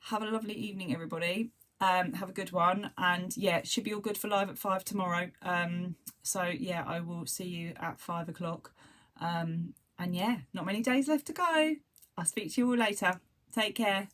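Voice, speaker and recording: A woman's voice: fairly low pitch, steady tone, normal speed, a bit bright. A woman with a southern English accent, chatting casually and rambling as host of a crochet livestream. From southern England. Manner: chatty, rambling, self-described waffler. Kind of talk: casual chat.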